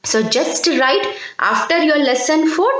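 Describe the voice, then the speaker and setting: Lively woman teacher dictating. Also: high-pitched, unhurried, reverberant, low-quality recording. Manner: spells words letter by letter, dictating instructions. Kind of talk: recorded online class lesson.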